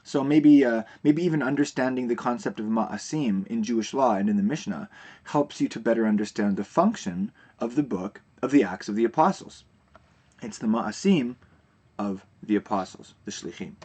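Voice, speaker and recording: A man teaching a recorded video lesson, explaining terms in a relaxed way with frequent fillers and restarts. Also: medium pitch, normal speed, breathy edge.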